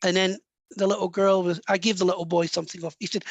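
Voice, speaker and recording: A Scottish man, a medium and author, telling a personal story softly and warmly in an interview. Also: sits high, little pitch movement, fast talker, dry recording, lo-fi sound. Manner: soft, warm and anecdotal, drops to a hush at moving moments.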